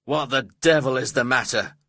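A man voicing a proud, rude gentleman landowner with a brusque, commanding way of speaking, in an audiobook reading. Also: mid-range voice, sing-song, slow, no echo, clean studio sound, pitched above the performer's own voice, exaggerated voice.

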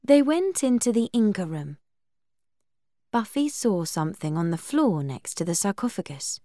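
A woman reading a story aloud, lifting her pitch for the characters' quoted lines. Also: dry recording, clean studio sound. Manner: slow, lively reading; higher pitch for quoted speech. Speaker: narrator.

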